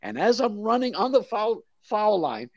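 An older man who tells his story with a lively, swooping voice, jumping up for the crowd's cries and dropping low for asides. The sound is dry and a little dull, like lo-fi interview audio. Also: moderate pace, no echo. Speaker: guest, mascot performer.

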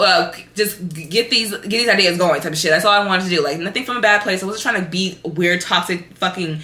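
A young woman talks straight into the mic as a podcast host, candid and swearing freely, her story running on with "like" and "y'all". Her voice is bright and forceful, and the room is echoey around her. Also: medium pitch. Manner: candid, profane, animated, lots of fillers. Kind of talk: casual storytelling monologue.

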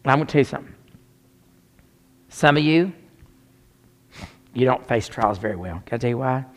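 A man's voice: mid-range voice, animated, normal speed. A man preaching a sermon, telling a personal story with dramatic shifts down to near whispers. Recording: long hall reverb.

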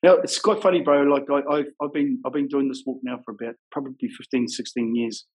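A middle-aged man with a New Zealand accent and a husky, slightly breathy voice at a mid pitch. He talks plainly and frankly in a rough-edged, casual way, dropping "bro" into nearly every thought. It sounds like an interview guest speaking candidly. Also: steady tone, fairly quick, rough recording. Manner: rough-edged, frank, says "bro" and "you know what I mean" often. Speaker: guest telling his life story. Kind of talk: casual storytelling.

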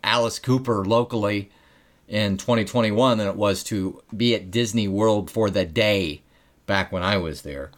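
A man's voice: fairly low pitch, a little slow. A man co-hosting a casual chat, joking dryly and restarting his sentences with hesitant fillers. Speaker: co-host.

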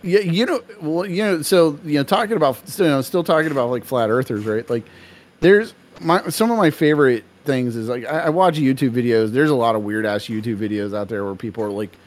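A man's voice: mid-range voice, brisk. A young man chatting loosely on a podcast, piling up fillers and restarts as he tells a story. He laughs often as he talks, in a mid-range voice. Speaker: podcast co-host. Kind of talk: casual podcast chat.

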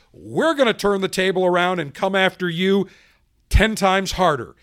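A man's voice: high voice, a bit bright. A man hosting a podcast, delivering a combative, sarcastic political monologue. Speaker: podcast host.

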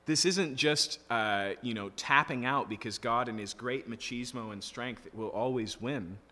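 A man's voice: medium pitch, fairly even intonation, moderate pace, pushed and bright. A male pastor preaching an expository sermon in an earnest, emphatic teaching manner, checking in often with his listeners. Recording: long reverb of a large hall.

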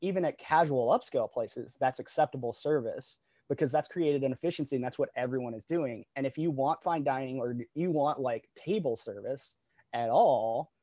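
A man's voice: mid-range voice, normal speed, mellow, no echo. Man in a dry, close podcast chat. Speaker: podcast guest from the restaurant industry.

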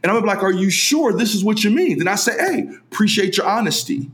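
A man co-hosting a podcast, talking in an emphatic, animated way and acting out quoted dialogue as he tells stories. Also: high voice, quick pace. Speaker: podcast co-host. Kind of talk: casual podcast chat.

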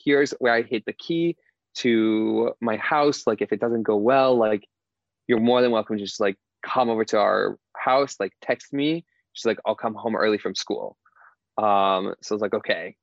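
A man's voice: on the low side, dry recording, lo-fi sound. A young man from Indiana, a podcast guest telling a personal story in a casual, chatty way, with lots of "like" and frequent laughter. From Indiana, USA. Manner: chatty, heavy use of "like", laughs often while telling.

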